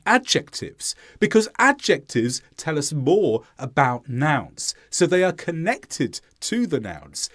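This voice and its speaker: A man teaching English pronunciation, explaining clearly and modelling sounds aloud. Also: fairly high pitch, no echo, clean studio sound. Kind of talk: instructional lesson narration.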